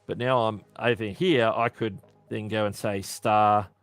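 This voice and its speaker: A man's voice: on the low side, steady tone, a little slow, faint music behind. Chatty Australian man hosting a livestream. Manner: chatty, self-correcting, answering chat questions. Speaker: livestream host. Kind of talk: casual live-stream Q&A.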